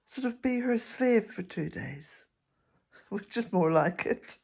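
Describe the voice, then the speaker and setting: An older woman, chatting to camera in a gentle, rambling way and chuckling often. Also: mid-range voice, animated, takes it slowly, husky. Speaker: vlogger. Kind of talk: casual chat to camera.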